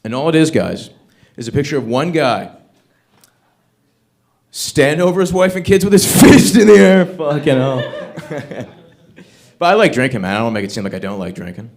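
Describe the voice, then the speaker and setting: A man's voice: medium pitch, animated, moderate pace, creaky, pauses often, darkish tone. A man doing a crude, swearing stand-up set at an open mic, ranting in punchy bursts into a stage microphone. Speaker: stand-up comedian. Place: comedy open mic venue.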